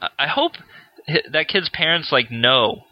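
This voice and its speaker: A man's voice: on the high side, animated, unhurried, no room sound, muffled recording. A man co-hosting a casual podcast, telling a rambling story with lots of laughs and fillers. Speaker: podcast co-host. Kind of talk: casual chat.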